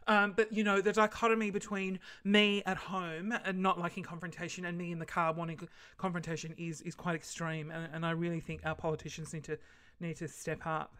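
A man's voice: on the high side, a little fast, bright, forceful tone. A man hosting a casual solo podcast, rambling and easily sidetracked. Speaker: podcast host.

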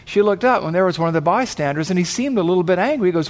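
A man's voice: high-pitched, lively intonation, very fast. A man preaching, telling a vivid story and acting out the voices of the people in it. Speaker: pastor. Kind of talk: sermon storytelling.

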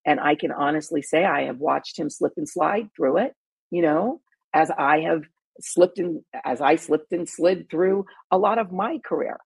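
Gravelly, husky-voiced woman telling a story. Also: sits low, unhurried, no echo. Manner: animated storyteller, restarts and emphatic asides. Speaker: talk show host and panelist. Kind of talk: casual storytelling chat.

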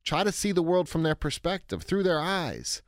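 A man's voice: moderate pace, dry recording, clean studio sound. A man, an author on anger, answering a listener's question in a conversational teaching monologue. He acts out quoted voices and often restarts his sentences. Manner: animated, acts out quotes with big pitch jumps, frequent restarts. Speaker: author and speaker on handling anger.

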